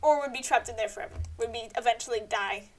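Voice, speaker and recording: A woman's voice: a little high, quick pace, darkish tone, a little hiss or hum. A woman streamer reading through a story game and commenting on it playfully.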